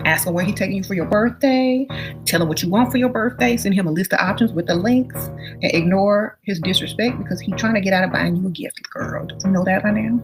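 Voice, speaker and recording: A woman's voice: medium pitch, a little fast. A woman giving blunt, sassy birthday advice straight to the viewer. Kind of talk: casual advice monologue. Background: guitar music.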